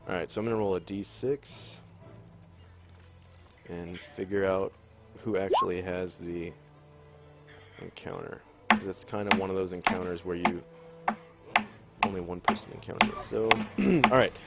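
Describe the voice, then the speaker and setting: A man running a tabletop game as game master, describing scenes haltingly with many ums and pauses. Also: low-pitched, steady tone, loud music behind the voice. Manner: halting, full of ums and throat-clearing.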